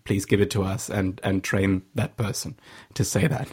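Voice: sits low, moderate pace, darkish tone, breathy edge. A podcast host asking curious, polite questions in a casual interview, with some hesitation.

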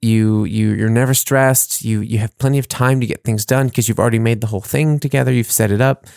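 A man's voice: medium pitch, fairly even intonation, fairly quick, gravelly, darkish tone, no room sound. Male podcast co-host, casual and rambling, mid-range voice, dry close mic. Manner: rambling, laughs at his own jokes. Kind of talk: casual chat.

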